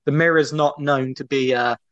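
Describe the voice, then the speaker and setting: A man co-hosting a podcast in casual chat, joking and quick to laugh. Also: mid-range voice, steady tone, a bit bright, no room sound, muffled recording. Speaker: podcast co-host.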